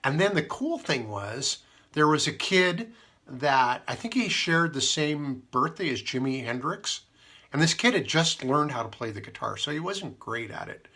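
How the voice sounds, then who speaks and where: A man's voice: fairly high pitch, very animated, normal speed, bright, forceful tone, slightly rough. A man hosting a casual radio show, rambling through stories with many fillers and asides. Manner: meandering, full of fillers and asides. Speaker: radio host.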